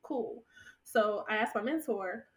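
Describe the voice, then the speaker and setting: A woman in her thirties telling stories from her work as a podcast guest, animated and laughing often. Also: mid-range voice, slow, distant mic, rough recording. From United States. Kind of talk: conversational storytelling.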